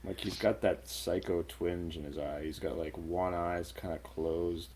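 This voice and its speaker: A man's voice: deep voice, steady tone, unhurried, darkish tone, slightly rough. A man co-hosting a casual film review chat, rambling and swearing freely. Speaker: radio show co-host.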